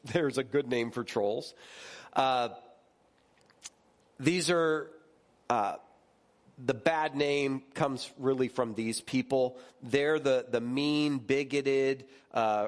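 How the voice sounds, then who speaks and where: Man, pastor, relaxed chatty sermon, middling pitch, animated, keeps asking the room "right?". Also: slow pace. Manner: lively, jumps higher when recounting stories. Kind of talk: conversational sermon.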